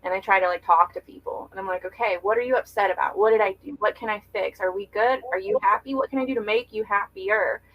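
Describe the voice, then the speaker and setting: A woman's voice: medium pitch, quick pace, few pauses, muffled recording. A young woman speaking as a podcast guest, reflective and earnest, talking candidly with many filler words. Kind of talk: candid conversational interview.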